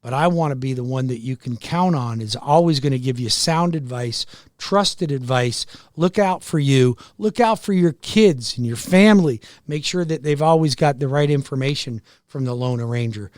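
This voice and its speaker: An older American man hosts a talk radio show, speaking earnestly and folksily and repeating his phrases. His voice sits at an everyday middle pitch. The studio mic sounds dry and close, with no room echo. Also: normal speed, a little mellow. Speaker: radio show host and mortgage lender. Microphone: studio microphone.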